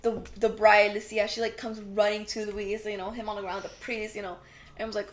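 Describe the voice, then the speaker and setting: Brisk and mid-range in pitch, a young woman on a podcast she co-hosts chats about a TV episode she's describing. She tells it vividly, playing out the characters' quotes, and peppers her speech with "like."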